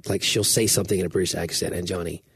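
A man's voice: sits low, fairly even intonation, racing, a bit bright, breathy edge, no room sound. A man co-hosting a podcast, chatting casually and animatedly, laughing easily. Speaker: podcast co-host. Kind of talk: casual chat.

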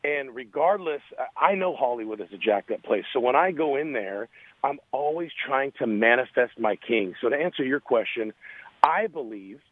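An earnest man telling a story in an animated way, his voice squeezed through a tinny phone line. The sound is dry and close. His pitch sits in an ordinary middle range. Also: moderate pace, dry recording. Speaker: guest. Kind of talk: radio interview, storytelling.

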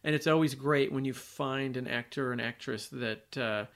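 A man's voice: mid-range voice, moderate pace, fairly bright tone. A man co-hosting a casual film podcast, easygoing, laughing often and leaning on "like". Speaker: podcast co-host.

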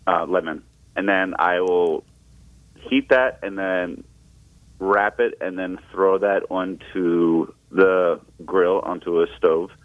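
A man with a very deep voice phones in to a radio show, working through what he says haltingly with many pauses. The audio is a thin, tinny phone line that sounds dry and close. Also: no room sound. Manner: halting, lots of fillers. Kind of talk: casual phone chat.

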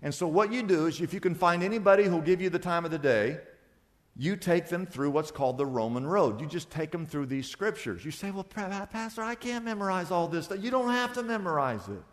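A man preaching a sermon as pastor, acting out little conversations and swinging between loud and soft. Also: fairly high pitch, a little fast, in a large hall. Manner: animated preaching, acts out little dialogues with shifts of loudness.

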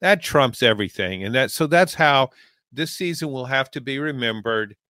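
A man from Louisiana gives college football analysis in a calm, reflective way, often pausing on fillers as he works through a thought. His voice sits at an ordinary pitch, and the recording is dry and close. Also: no room sound. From Louisiana, American South. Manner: measured, reflective, with frequent fillers. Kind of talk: sports talk commentary.

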